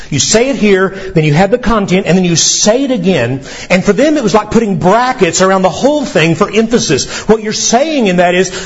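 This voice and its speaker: A man preaching a sermon as pastor, reading scripture with emphatic pauses and a lively delivery. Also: high voice, dull audio.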